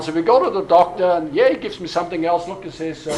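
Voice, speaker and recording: A man's voice: fairly high pitch, fast talker, hardly any pauses, crowd noise, poor audio. A man, telling a long personal story at a church workshop, full of fillers and restarts. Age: 60s. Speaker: pastor. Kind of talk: workshop talk to a church audience.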